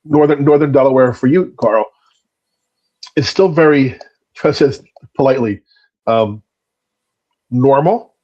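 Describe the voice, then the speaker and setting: A man's voice: mid-range voice, measured pace, pauses often, darkish tone. A man from South Jersey with a South Jersey accent, joking bluntly in a casual sports chat. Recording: dull lo-fi sound.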